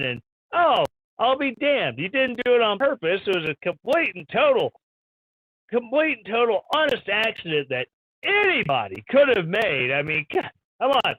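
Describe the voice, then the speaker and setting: Animated, high-voiced sarcastic male streamer. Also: normal speed, no room sound. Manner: sarcastic, irreverent, ranting. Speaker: live stream host. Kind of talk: sarcastic news commentary. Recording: dull lo-fi stream audio.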